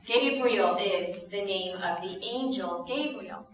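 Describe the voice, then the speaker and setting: A woman leading a children's message in church, telling a story in an animated way and asking the children questions. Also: medium pitch, slow. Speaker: children's sermon leader. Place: church sanctuary. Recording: roomy distant church sound, muffled.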